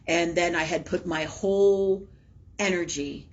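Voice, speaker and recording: A chatty woman talks candidly through a spiritual livestream, her voice husky and a little breathy. She drops curse words, checks in with "right?" and slips into laughter. The audio is dull and lo-fi, like a livestream mic. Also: fairly low pitch, steady tone, unhurried. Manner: candid and chatty, swears freely, many "right?" tags; laughs often, acts out her own past words. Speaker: host of a spiritual live talk show. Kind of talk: casual spiritual talk.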